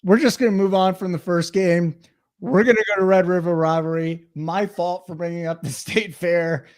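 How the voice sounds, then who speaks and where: A man's voice: sits high, steady tone, moderate pace, a little mellow. A man hosting a sports-betting podcast, who tells rambling, jokey stories in casual chat. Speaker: podcast host.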